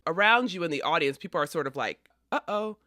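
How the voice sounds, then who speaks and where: A man hosting a podcast, retelling a historical play in a chatty, animated way. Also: a little high, fast talker, faint music behind. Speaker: podcast host. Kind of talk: casual storytelling of history.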